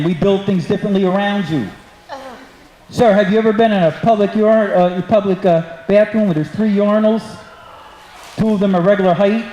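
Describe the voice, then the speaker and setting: A brash, high-voiced male stand-up comedian does crowd work on a comedy club stage, profanely teasing the live audience. The club is echoey, with laughter from the crowd.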